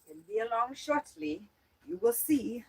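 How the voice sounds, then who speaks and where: Woman, livestream host, unhurried pace, slightly high voice, chatty, giggly, indoors. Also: big pitch swings, vocal fry, heavy background noise. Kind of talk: casual livestream chat.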